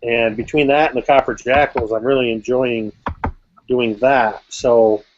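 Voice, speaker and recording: A man who runs tabletop games chats casually, pausing and repeating words as he goes. His pitch sits in the middle. The call audio sounds dull and lo-fi. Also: fairly even intonation, slight background noise. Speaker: game master and host. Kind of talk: casual chat.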